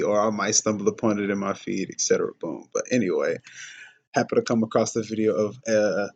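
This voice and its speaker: A man from Dallas giving reaction commentary on a clip, measured and explanatory, with fillers and self-corrections. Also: fairly low pitch. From Dallas, Texas. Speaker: rapper reacting to a video.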